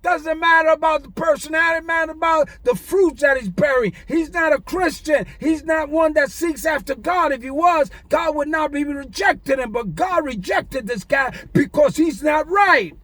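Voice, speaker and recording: Shouting high-voiced preacher man. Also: moderate pace, hardly any pauses, no room sound. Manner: shouting, taunting, preacher cadence. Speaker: online preacher. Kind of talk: fiery preaching rant.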